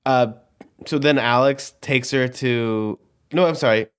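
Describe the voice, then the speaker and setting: A podcast co-host recapping a book's plot in relaxed casual chat, full of fillers. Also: medium pitch, unhurried, clean tone. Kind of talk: casual book discussion.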